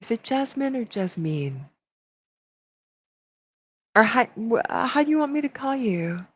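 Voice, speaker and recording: Fairly high and sing-song, this woman's voice carries a breathy edge and moves a little slowly, without any echo. She's an energy healer giving a live reading, drawing out her words and lovingly calling people sweetheart and baby. The audio comes through dull and lo-fi.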